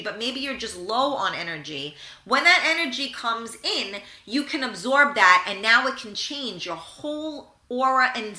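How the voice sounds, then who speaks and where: A woman's voice: medium pitch, roomy sound. A woman hosting a live internet radio show, talking frankly and with animation about positive thinking and reading out listener comments. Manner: frank, animated, acts out little scenes. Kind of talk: live motivational talk, reading viewer comments.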